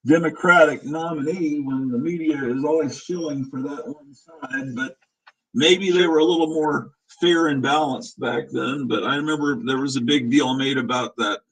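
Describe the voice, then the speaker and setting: A man's voice: mid-range voice, fairly bright tone, low-quality recording. A man in his fifties hosting a casual live-stream chat, rambling and opinionated, chuckling as he reminisces. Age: 50s. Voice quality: husky. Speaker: show host.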